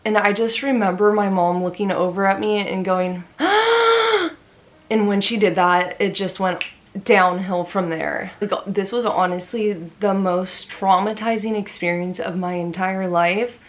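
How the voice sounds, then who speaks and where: A woman's voice: mid-range voice, steady tone, normal speed, slight background noise. A woman vlogger telling a personal story to camera in an earnest, emphatic way, with lots of "like" fillers.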